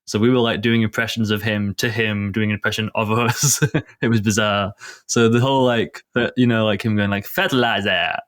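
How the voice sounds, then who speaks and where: Chatty low-voiced Yorkshire man. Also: flat delivery, a little fast, no echo, studio quality. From Yorkshire, England. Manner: loose and chatty, full of fillers. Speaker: game developer guest. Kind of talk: casual podcast chat.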